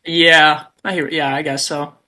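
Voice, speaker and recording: A man's voice: a little high, little pitch movement, a little slow, pushed and bright. A man being coached on his game, answering in short, easygoing replies. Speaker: coached player. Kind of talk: casual chat.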